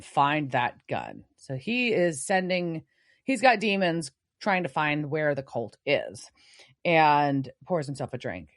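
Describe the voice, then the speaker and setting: A woman co-hosting a podcast, animatedly retelling a TV episode and acting out the lines, swearing freely. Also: low voice. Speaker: podcast co-host. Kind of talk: casual chat recapping a TV episode.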